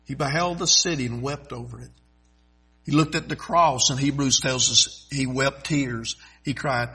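A middle-aged man preaching a sermon in a folksy, emphatic way, swelling loud and stretching out key phrases. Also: medium pitch, steady tone, moderate pace, husky, low-quality recording.

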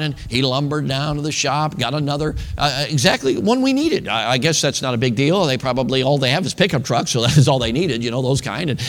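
A man's voice: medium pitch, a bit bright. A male preacher telling a story in a sermon, talking casually and often checking in with his audience. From northern United States. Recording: long reverb of a large hall.

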